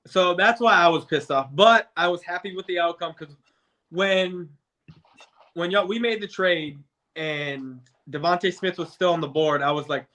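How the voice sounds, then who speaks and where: A man with a bright, forceful voice pitched a bit high, chatting casually about football. He rambles, trips over his words and restarts his sentences again and again. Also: moderate pace. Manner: rambling, stumbles and restarts often. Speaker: guest debater, football fan. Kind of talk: casual sports debate.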